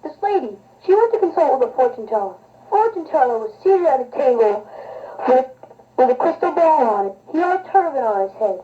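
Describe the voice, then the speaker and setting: A woman's voice: high voice, big pitch swings, a little fast. A woman hosting a homemade comedy show, announcing jokes and mock ads in a playful, sing-song way. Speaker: show host. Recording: distant, dull lo-fi tape.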